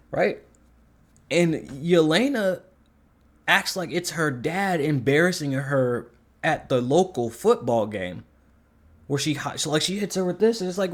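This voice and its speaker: A man talks through a film review in a loose, rambling way, full of fillers and curses. He sounds openly exasperated, and his voice sits at an ordinary middle pitch. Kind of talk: casual movie review rant.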